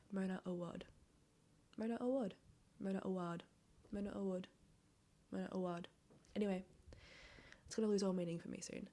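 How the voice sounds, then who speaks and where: A woman talking in a breathy, hoarse near-whisper on small clip-on microphones while she recovers from illness. She chats casually and rambles, laughing often, as a book vlogger. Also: on the low side, darkish tone. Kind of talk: casual reading vlog chat.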